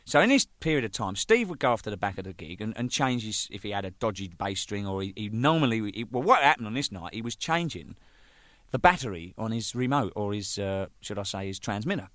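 Lively, animated man telling stories. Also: lowish voice, brisk, no echo. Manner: animated, swears freely, laughs mid-story. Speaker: rock drummer telling band stories. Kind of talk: casual anecdotal storytelling.

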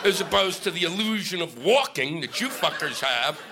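A man doing a stand-up comedy set on stage, ranting and swearing with shouted bursts. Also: on the high side, animated, normal speed. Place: comedy stage before a live audience. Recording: live stage mic with noisy audience.

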